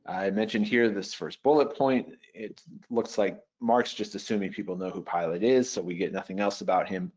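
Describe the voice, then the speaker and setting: A man teaching a Bible software webinar, thinking aloud as he works through a passage. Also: lowish voice, a little slow. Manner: thoughtful, thinking aloud with restarts. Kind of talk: webinar teaching with screen demo. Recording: dull lo-fi webinar audio.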